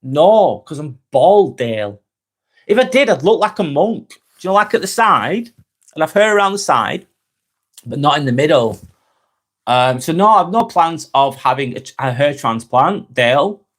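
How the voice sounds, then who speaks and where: A man from Lancashire in North West England hosts a casual live stream, answering viewer comments, chuckling often and calling people mate. His voice is a little high and sing-song, at a moderate pace.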